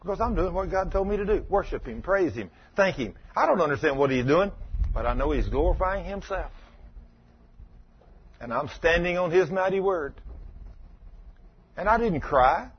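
A man preaching a sermon, telling stories in a fervent, animated way with a husky voice. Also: sits high, moderate pace, muffled recording.

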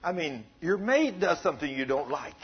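A man's voice: fairly high pitch, sing-song, moderate pace, husky, dull audio. A man preaching a sermon in a folksy, conversational way, joking with his congregation.

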